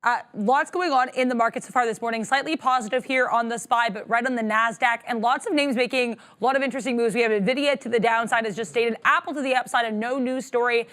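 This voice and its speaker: A woman gives a quick news rundown on a live trading stream. Her voice sits fairly high, and her delivery is brisk and even. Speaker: news reporter on a trading show. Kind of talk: market news update.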